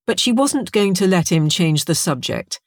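A woman narrating a story with a lively, expressive voice that rises and falls. Her voice sits a little low, and the recording is close and dry. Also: normal speed, dry recording. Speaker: audiobook narrator. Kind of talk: scripted narration.

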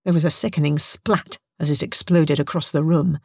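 A woman's voice: deep voice, normal speed, creaky, no room sound. Woman reading a story, dry close voice. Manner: lively, expressive storytelling. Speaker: narrator. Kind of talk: scripted audiobook narration.

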